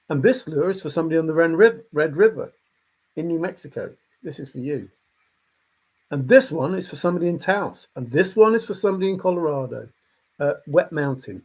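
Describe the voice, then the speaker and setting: Husky, emphatic man talking. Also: fairly high pitch, animated, fairly quick, a little mellow. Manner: emphatic, repetitive, chuckles to himself. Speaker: vlogger. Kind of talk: casual monologue.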